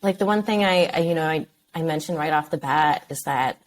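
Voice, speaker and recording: A woman in her thirties, a podcast guest speaking candidly and thoughtfully, with many pauses and restarts. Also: sits low. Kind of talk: candid interview conversation.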